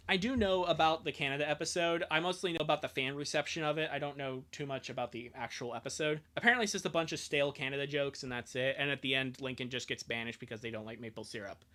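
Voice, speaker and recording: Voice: mid-range voice, a bit bright. A streamer from Europe, chatting and rambling in a live stream and answering viewers between read-aloud passages of a fan comic. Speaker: streamer and fan dub reader. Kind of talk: live stream reaction and reading.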